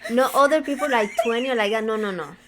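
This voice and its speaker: A woman's voice: fairly high pitch, noisy background. A young woman co-hosting a podcast, reacting expressively in casual chat. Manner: expressive, quick reactions, laughs a lot. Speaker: podcast co-host.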